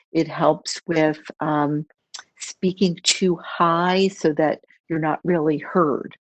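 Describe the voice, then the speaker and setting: A middle-aged woman presenting a webinar as a public speaking trainer, measured and instructive, repeating key phrases. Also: low voice, no room sound. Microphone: video call.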